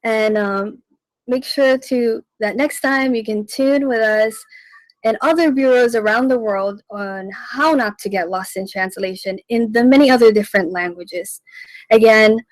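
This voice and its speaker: A woman hosting a radio language lesson, teaching slowly and patiently and repeating each phrase. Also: fairly high pitch, no echo, low-quality recording. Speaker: radio language segment host. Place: radio studio.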